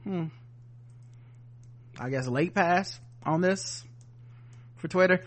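Profane, sardonic male podcast co-host, pitched a little high. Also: slow, a bit bright. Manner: profane, sardonic, reads headlines then riffs. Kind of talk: casual news-commentary chat.

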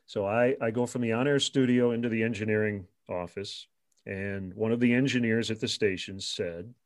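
A former radio sports reporter telling stories in an interview, animated and chuckling often. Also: male voice, lowish voice, moderate pace. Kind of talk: storytelling in an interview.

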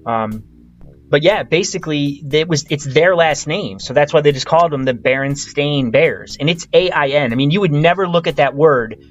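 A man's voice: fairly high pitch, expressive, moderate pace. A man hosts a casual podcast chat and quizzes his guest, talking loosely with many fillers and restarts. His voice comes through with a slightly dull, lo-fi sound. Faint music plays underneath. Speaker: podcast host.

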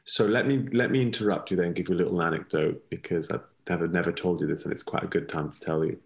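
A man's voice: low-pitched, steady tone, quick pace, gravelly. A man with a European accent, talking reflectively as an interview guest, often laughing and repeating words while he searches for them. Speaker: interview guest, former ballet colleague and mentor. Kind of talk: reflective conversational storytelling.

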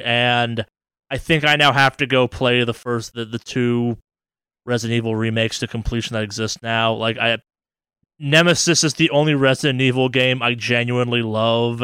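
A man with a smooth, clean voice recorded close and dry, with no room sound around him. He rambles through gaming news in a loose, excitable way and swears casually as he goes. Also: medium pitch, no room sound. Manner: enthusiastic, rambling, swears freely. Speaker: podcast co-host.

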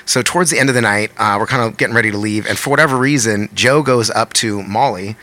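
A man spins a story at a rapid clip, words tumbling out quickly. His voice is bright and forward, with a lively, animated manner. He swears freely and slips into voices for the people he quotes. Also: lowish voice. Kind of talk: casual storytelling chat.

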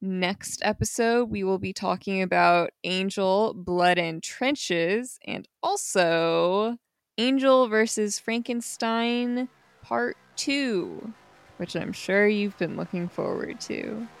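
A woman's voice: medium pitch, lively intonation, slow pace, creaky, clean tone, no room sound. A woman co-hosting a podcast, recapping a comic in casual chat with unsure asides and easy laughs. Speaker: podcast co-host.

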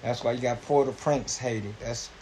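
A man's voice: medium pitch, fairly even intonation, normal speed, darkish tone, a little hiss or hum. A man in his forties from Indiana, chatting casually on a podcast, telling rambling, profane stories and laughing often. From Indiana, USA. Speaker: podcast co-host. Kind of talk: casual chat.

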